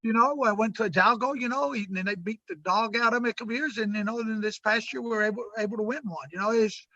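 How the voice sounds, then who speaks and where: A middle-aged man with a high, bright, pressing voice talks in a rambling, folksy way. The sound is dry and close. It is dull lo-fi video call audio. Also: fast, no echo. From West Texas. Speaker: high school football coach. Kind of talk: casual remote interview.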